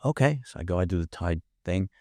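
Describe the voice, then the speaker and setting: A man's voice: sits low, animated, fast talker, a little mellow, no room sound, clean studio sound. A man telling a vivid, profane anecdote in a casual chat. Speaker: guest. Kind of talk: casual storytelling.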